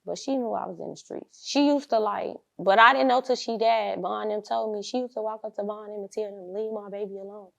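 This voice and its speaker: A woman's voice: medium pitch, fairly even intonation, brisk, gravelly, hardly any pauses, fairly bright tone. A young woman, an interview guest, telling her life story bluntly in street slang and acting out the people she quotes.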